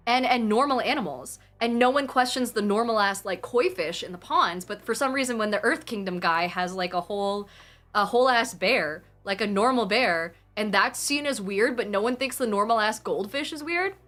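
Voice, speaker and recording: A young woman live streaming from her phone, chatting casually with viewers in a rambling, animated way and swearing freely. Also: medium pitch, normal speed. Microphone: phone mic.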